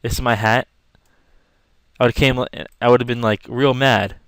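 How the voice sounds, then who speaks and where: A man's voice: medium pitch, unhurried, clear, resonant tone, dry recording. A young man telling a rambling, casual story to camera while drawing, acting out scenes as he goes. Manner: rambling, animated, acts out yelling. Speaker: vlogger.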